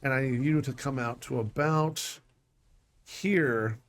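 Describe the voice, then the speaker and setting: A let's play gamer gives casual gameplay commentary, thinking aloud as he plans and talking to himself in a loose, scattered way. He's frustrated and swears a little, speaking slowly at a medium pitch.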